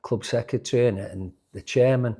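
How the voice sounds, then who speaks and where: In a sports interview, a former English footballer of roughly sixty shares anecdotes at a normal speed. His voice sits at medium pitch, mellow with a touch of roughness, and he keeps restarting and repeating words.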